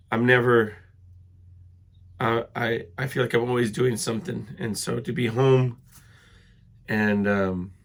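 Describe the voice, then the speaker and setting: Man, podcast host, congested and sick, gravelly, rambling with fillers, clears his throat often. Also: medium pitch, fairly bright tone. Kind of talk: casual solo podcast talk.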